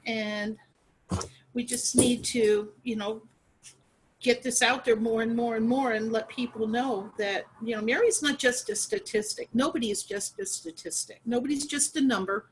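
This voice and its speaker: A middle-aged woman speaks as an interview guest. She talks earnestly and haltingly, often restarting with fillers. Her voice sits a little on the high side. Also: slight background noise, poor audio. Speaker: guest, sister of a murder victim.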